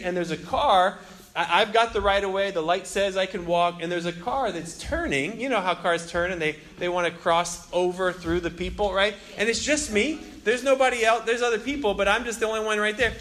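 Animated high-voiced male pastor. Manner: animated storytelling, acting out dialogue, many restarts. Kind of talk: sermon with personal story.

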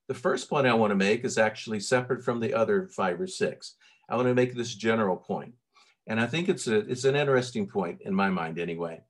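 A brisk, low-leaning male voice carries this sermon from a middle-aged Southern-accented pastor from Tennessee. His manner is laid-back and conversational, full of fillers and restarts.

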